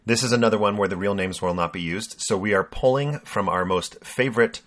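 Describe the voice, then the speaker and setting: A man's voice: lowish voice, brisk, fairly bright tone. A man co-hosting a podcast, introducing the episode in a casual, jokey and rambling way. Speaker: podcast co-host. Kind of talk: casual chat.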